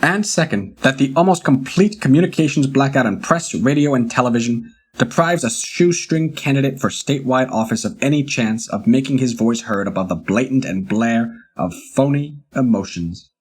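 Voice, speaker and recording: A man reading an old magazine article aloud in a measured, deliberate way, with the occasional dry aside of his own. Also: medium pitch, animated, breathy edge. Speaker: reader of a historical article.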